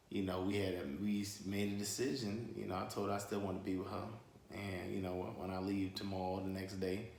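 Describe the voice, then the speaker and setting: A man's voice: sits low, creaky, darkish tone, roomy sound, slight background noise. A young man co-hosting, casually joking and cutting in with his side of the story. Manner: laid-back, interjecting, joking. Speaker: co-host telling their story.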